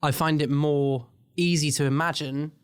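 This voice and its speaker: A man co-hosting a podcast, talking in a relaxed, playfully teasing way. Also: a little high, moderate pace, clean tone. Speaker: podcast co-host. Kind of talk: casual chat.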